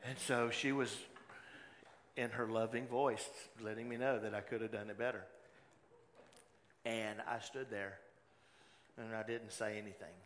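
A man preaching a sermon as pastor, moving between loud exhortation and hushed personal storytelling. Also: fairly low pitch, flat delivery, unhurried, pauses often. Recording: long hall reverb, faint room noise.

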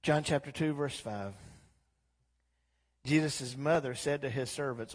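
High-voiced preaching man in reverberant church. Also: expressive, unhurried. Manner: impassioned, swings from quiet to loud exhortation. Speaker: pastor. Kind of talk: sermon. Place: church sanctuary.

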